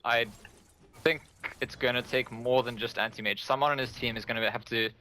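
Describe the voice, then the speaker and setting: A man giving color commentary on a live esports match, measured and explanatory with small stammers. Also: mid-range voice, steady tone, sharp tone, rough recording.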